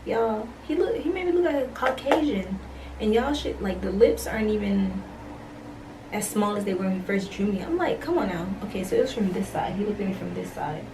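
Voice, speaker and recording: A young woman vlogger telling a storytime tale casually, acting out the dialogue with slangy, animated delivery. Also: mid-range voice, brisk, far from the mic, background noise.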